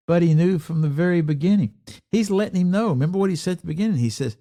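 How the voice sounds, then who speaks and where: Mellow-voiced man teaching scripture. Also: a little high. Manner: reads scripture slowly, then explains with lively emphatic questions; addresses listeners as folks. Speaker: Bible teacher. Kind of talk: devotional Bible teaching.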